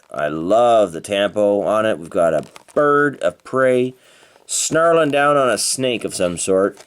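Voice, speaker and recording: Upbeat Canadian man unboxing toy cars. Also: on the low side. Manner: enthusiastic, playful exclamations. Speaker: toy car reviewer. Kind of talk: unboxing video narration.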